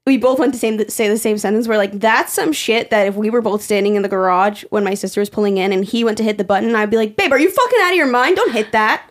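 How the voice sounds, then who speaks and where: A woman's voice: fast talker, few pauses. A young woman co-hosting a podcast in casual chat, telling stories animatedly with plenty of swearing. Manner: animated storytelling, swears freely, voice jumps high when quoting. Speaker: podcast co-host.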